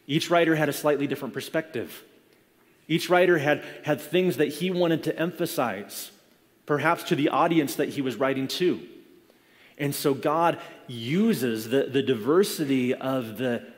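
A man's voice: medium pitch, normal speed. Guy preaching a sermon, chatty, keeps restarting his sentences, long hall echo. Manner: conversational, explaining with frequent restarts. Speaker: pastor. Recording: long reverb of a large hall.

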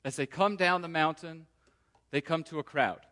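A man preaching a sermon to his congregation in a relaxed, conversational way, sometimes voicing the people in the story. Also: fairly high pitch, normal speed. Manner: conversational, acts out quoted voices. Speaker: pastor. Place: church sanctuary. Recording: long hall reverb.

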